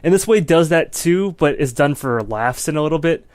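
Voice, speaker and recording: A man's voice: a little high, lively intonation, a little fast, darkish tone, no echo. A man co-hosting a casual movie review podcast, talking in long, loose stretches full of "like" and "you know". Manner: rambling, heavy use of "like" and "you know". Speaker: podcast co-host. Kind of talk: casual film review chat.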